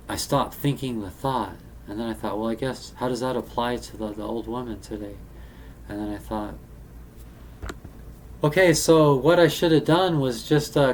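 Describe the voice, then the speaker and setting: A man talking in a casual, rambling monologue, halting and restarting often with many fillers. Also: mid-range voice. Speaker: vlogger. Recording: faint background noise.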